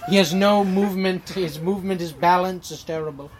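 A man's voice: high-pitched, fairly quick, a crowd in the background, close to an everyday voice. A man doing a comic impression of a rambling, boastful older male politician who repeats himself. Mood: mocking. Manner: rambling, repetitive, self-pitying. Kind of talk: comic impression in podcast banter.

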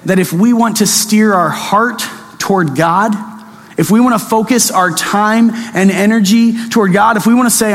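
High-voiced pastor preaching in a hall. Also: male voice, normal speed. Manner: conversational, animated storytelling with mock-excited asides. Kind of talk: sermon.

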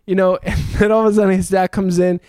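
A man's voice: high-pitched, flat delivery, fast talker, dark tone, smooth, no echo, clean studio sound. A young man telling a long story in casual chat, swearing often and laughing as he goes.

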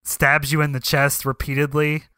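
A man's voice: a little high, monotone, normal speed, pushed and bright, clear, resonant tone, no echo, studio quality. A man co-hosting a podcast, talking casually about films with frequent "um" fillers. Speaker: podcast co-host. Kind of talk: casual film discussion.

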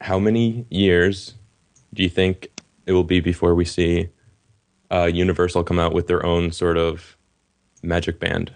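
A man's voice: sits low, level tone, unhurried, pauses often. A man calling in to a live show, speaking hesitantly with many fillers. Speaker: caller. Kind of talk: casual call-in chat.

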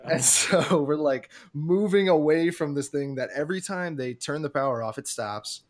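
Animated man telling a story. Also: on the high side, moderate pace. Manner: animated, acts out his own panic in a raised voice. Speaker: podcast co-host. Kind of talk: casual storytelling.

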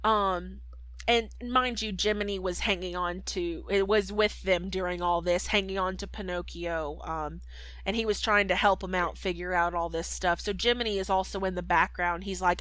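A woman's voice: on the low side, steady tone, normal speed, a bit bright, no room sound, low-quality recording. Casual woman podcast host recapping, lots of ums, dry close sound. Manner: chatty, lots of fillers and voices.

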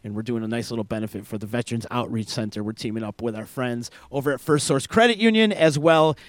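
A man hosting a radio show in an energetic, joking, casual way. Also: mid-range voice, quick pace, no echo. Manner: energetic, hype, loose and joking.

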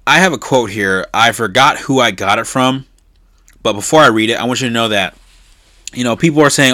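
Male commentator, middle pitch, emphatic and insistent, dry booth-like sound. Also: a little fast, sharp tone, no room sound. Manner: emphatic, repeats "okay?" for stress; insistent, rising in intensity. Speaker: political commentator. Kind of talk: opinion monologue.

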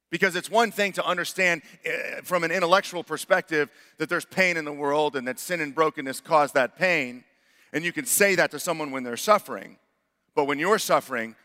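A man's voice: on the high side, bright, forceful tone. Earnest man preaching in a reverberant hall. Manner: earnest, builds to emphatic rhetorical questions. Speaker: pastor. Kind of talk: sermon.

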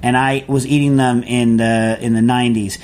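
A man's voice: mid-range voice, level tone, normal speed, a little mellow, a little hiss or hum. A man hosting a food radio show, answering a listener's question in a rambling, chatty way full of fillers and restarts. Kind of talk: casual call-in answering.

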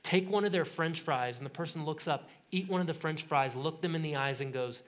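A man's voice: on the high side, a little fast. A middle-aged man preaching a sermon as pastor, telling stories animatedly with laughs and acted-out quotes.

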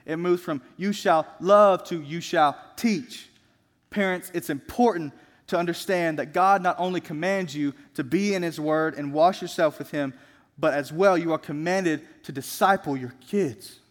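A young adult man preaching a sermon as a student pastor, earnest and exhorting, slowing down for emphatic phrases. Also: on the high side, in a large hall.

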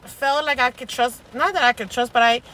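A woman's voice: high voice, brisk, a bit bright, poor audio. A young woman co-hosting a casual chat, telling candid stories full of swearing. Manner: candid, profane storytelling. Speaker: podcast co-host.

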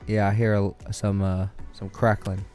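A man's voice: lowish voice, level tone, a little slow, darkish tone, soft background music. A young man vlogging on his own, upbeat and grateful, rambling with many fillers, speaking very close to a mic in a small room. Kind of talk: casual solo monologue. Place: indoors, small room with a fan nearby. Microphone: studio mic held very close to the mouth.

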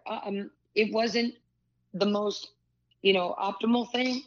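A woman's voice: medium pitch, unhurried. Storytelling woman in her sixties, lo-fi. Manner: animated storyteller, many asides and restarts. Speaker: former pro basketball player and broadcaster, guest. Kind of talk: candid storytelling conversation.

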